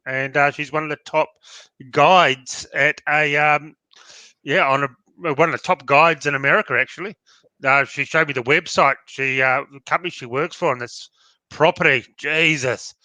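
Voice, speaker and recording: An Australian man co-hosting a podcast chats bluntly and airs strong opinions. His voice is very bright and sharp, and sits slightly high. The sound is dry and close. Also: fairly even intonation, normal speed, no room sound. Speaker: podcast co-host. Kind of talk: casual chat.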